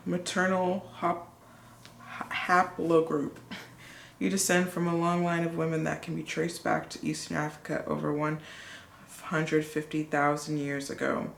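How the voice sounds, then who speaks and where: A woman vlogging casually, excitable and gushing as she reads her results aloud. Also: low voice, slow pace, creaky, long pauses, echoey room, slight background noise.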